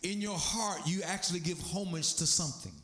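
A man's voice: high-pitched, brisk, fairly bright tone. A man preaching a sermon as pastor, emphatic, with sweeping swings in his delivery. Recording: echoey room.

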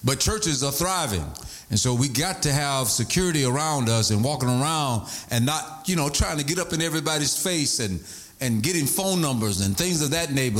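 Animated preacher with lively sing-song shouting. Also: male voice, on the high side. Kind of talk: sermon.

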